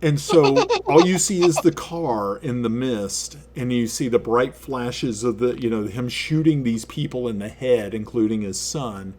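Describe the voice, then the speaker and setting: A man hosting a casual chat stream, telling a story with lively energy and frequent swearing. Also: mid-range voice, measured pace, hardly any pauses, a crowd in the background. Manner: animated storytelling, swears freely. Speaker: stream host.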